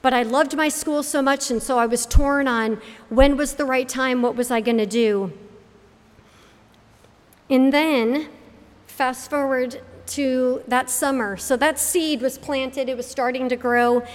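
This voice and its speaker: Middle-aged woman, faith testimony, lively storyteller, fairly high voice, reverb of a hall. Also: unhurried. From Connecticut. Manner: animated storyteller acting out quoted voices. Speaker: speaker giving a faith testimony.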